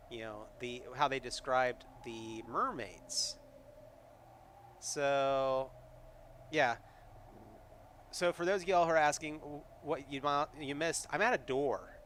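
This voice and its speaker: A man's voice: mid-range voice, a bit bright, slight background noise. A man streaming a live solo tabletop game, reading the adventure aloud and chatting with viewers in a rambling way, full of fillers and restarts.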